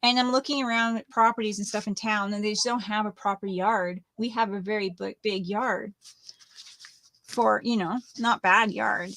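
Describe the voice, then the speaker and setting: A woman's voice: mid-range voice, steady tone, normal speed, a bit bright. A middle-aged woman co-hosting a casual crafting chat, telling rambling stories as she works. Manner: chatty, rambling storyteller. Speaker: co-host.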